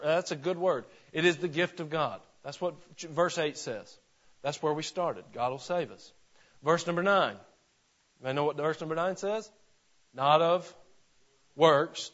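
A male pastor preaching a sermon in church, folksy, with joking asides, slowing down to stress scripture. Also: on the high side, lo-fi sound.

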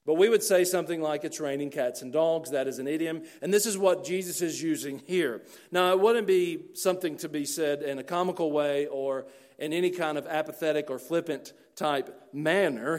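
Earnest preacher with a higher voice. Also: male voice. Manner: earnest, slows down for emphasis. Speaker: pastor. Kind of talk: sermon.

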